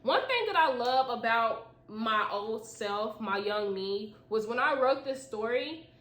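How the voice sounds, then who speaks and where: A woman podcast host reading her own story aloud, breaking off with animated, slangy asides. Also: fairly high pitch, a little slow. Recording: echoey room.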